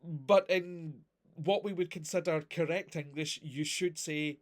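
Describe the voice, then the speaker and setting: A male language teacher explains grammar in a slow, unhurried way, with a fairly high voice for a man. He works through examples patiently and keeps checking that his students follow. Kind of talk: recorded grammar lesson.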